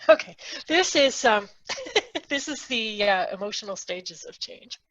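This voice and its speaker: High-voiced woman co-host explaining, lo-fi. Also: very animated, a little slow, fairly bright tone, dry recording. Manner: thinking aloud with many ums, acting out quoted thoughts. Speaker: podcast co-host. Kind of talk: casual explanatory chat.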